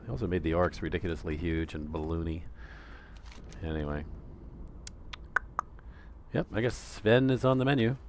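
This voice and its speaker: Streamer, male: very low voice, wry and jokey running commentary, slight hiss on the line. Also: moderate pace, long pauses, a little mellow. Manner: joking, sarcastic, slips into voices. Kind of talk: casual gameplay commentary with read-aloud quests.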